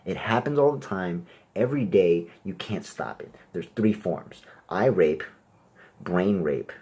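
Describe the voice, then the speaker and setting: A young man performing a crude stand-up comedy set, brash, and loudly acting out little exchanges. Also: deep voice, lively intonation, measured pace, breathy edge. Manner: crude, brash, acts out exchanges in raised voices.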